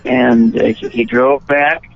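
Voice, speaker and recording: A man's voice: mid-range voice, slow pace, gravelly, dry recording. A man from Chicago, an actor and musician, telling rambling anecdotes in a casual interview, often restarting his sentences. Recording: tinny phone line.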